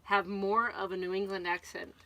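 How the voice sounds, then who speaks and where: A middle-aged woman from Connecticut chatting on a live show at an ordinary, mid-range pitch. She talks casually and easily, reading out viewer comments and laughing often. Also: little pitch movement, moderate pace, pushed and bright.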